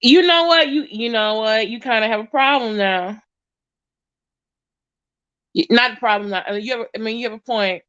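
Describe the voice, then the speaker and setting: A woman's voice: a little high, moderate pace, pauses often, fairly bright tone. A woman giving casual reaction commentary, chatty and hesitant with many fillers. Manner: chatty, hesitant, lots of ums. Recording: dull lo-fi audio.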